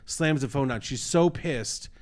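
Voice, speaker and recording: A man co-hosting a casual podcast chat, retelling a story with animated acted-out quotes and frequent swearing. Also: medium pitch, measured pace. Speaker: podcast co-host.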